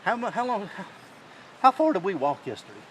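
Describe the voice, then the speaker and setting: A man with a slightly high voice tells a hunting story outdoors in the mountains. He rambles, restarts and gets excited. A faint hiss of the woods sits under his voice. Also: a little fast, rough recording. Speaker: hunting channel host. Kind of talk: casual chat after a hunt.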